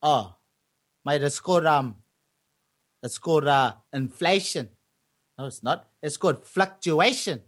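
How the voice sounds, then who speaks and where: A man voicing an easygoing shopkeeper with a Samoan accent, talking in a hesitant, drawn-out way. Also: on the high side. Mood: laid-back. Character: easygoing male shopkeeper, relaxed drawl.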